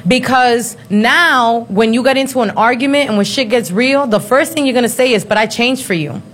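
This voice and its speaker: A woman in her thirties talking in a casual chat, blunt, profane and quick to laugh. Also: fairly high pitch, a bit bright, slight background noise. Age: 30s.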